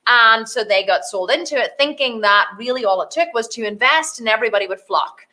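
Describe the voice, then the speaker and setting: A woman's voice: on the high side, bright, forceful tone. A woman business coach hosting a solo podcast, talking casually and animatedly, swearing freely and acting out the voices of people she describes.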